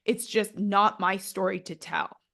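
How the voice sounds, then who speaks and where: Woman podcast host, gravelly voice, in tears, candid and blunt, swears freely. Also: mid-range voice, fairly even intonation, unhurried, a bit bright. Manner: emotional, tearful, blunt with swearing. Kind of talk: candid interview chat.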